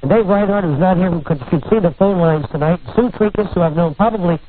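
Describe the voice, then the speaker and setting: A male talk radio host in his studio, brash and teasing as he rambles on. His voice sits high. The sound is thin and narrow, like a broadcast heard over a phone line. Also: fast talker, a little hiss or hum. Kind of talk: irreverent radio banter.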